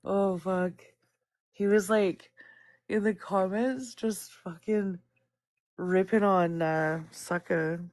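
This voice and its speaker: A woman's voice: mid-range voice, steady tone, slow, a little mellow, dry recording. A woman gossiping casually on a livestream, rambling, swearing freely and laughing often. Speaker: guest chatting on stream.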